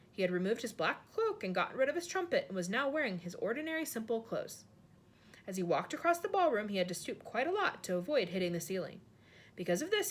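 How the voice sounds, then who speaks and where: A woman reading a children's book aloud in an expressive, animated way. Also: mid-range voice. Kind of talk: storybook read-aloud.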